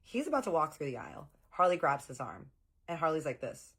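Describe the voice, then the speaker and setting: A young woman telling an animated, slangy story in a storytime vlog. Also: deep voice, brisk, slightly rough.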